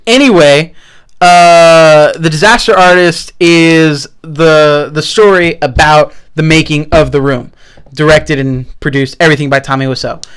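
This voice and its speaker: A man's voice: fairly high pitch, fairly even intonation, a little slow, a bit bright, clean tone. A young man co-hosting a podcast, telling rambling stories in casual chat with plenty of fillers and swearing. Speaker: podcast co-host.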